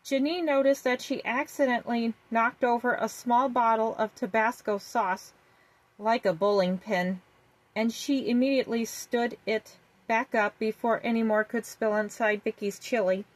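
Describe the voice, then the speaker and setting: A woman reading a children's story aloud in a gentle, even storytelling manner. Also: on the high side, moderate pace, rough recording.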